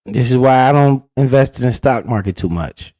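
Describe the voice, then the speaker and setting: A man's voice: medium pitch, animated, moderate pace, mellow, no echo, dull audio. A man giving blunt, profane, casual commentary while reacting to an interview, full of asides and storytelling.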